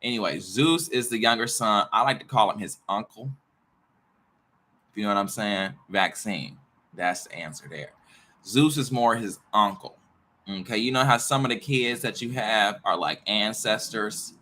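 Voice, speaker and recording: A man's voice: fairly low pitch, moderate pace, sharp tone, slight background noise. A man who teaches astrology and tarot, rambling in a casual monologue, repeating himself, jumping between ideas and muttering swears.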